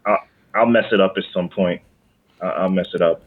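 A man with a very low voice chats loosely about films, padding his talk with ums and false starts. The sound is thin and phone-like, as if he calls in over a narrow line. He is from Michigan and talks like a regular host among friends. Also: fairly even intonation, a little fast. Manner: rambling, many fillers and restarts. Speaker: podcast co-host. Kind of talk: casual chat.

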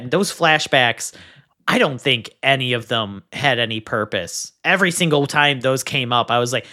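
A man discussing a film in a casual podcast chat, animated and quick to pile on his points. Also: medium pitch. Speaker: film reviewer.

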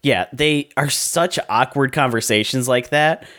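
A man's voice: medium pitch, a little slow. Easygoing man chatting about films. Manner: relaxed, agreeing, jokey asides. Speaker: podcast co-host. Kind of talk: casual film discussion.

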